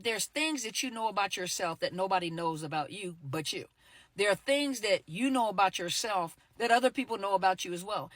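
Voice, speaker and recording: A woman's voice: mid-range voice, fairly bright tone, no echo. A middle-aged woman therapist talking casually to the camera, with frequent "you know" fillers and repeated words, now and then acting out short quoted exchanges. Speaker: therapist and coach. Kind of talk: casual direct-to-camera talk.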